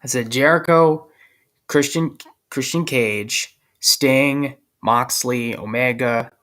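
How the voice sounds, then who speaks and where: A young man hosting a casual podcast chat, talking in a hesitant, halting way with frequent restarts. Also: medium pitch, pushed and bright. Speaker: host.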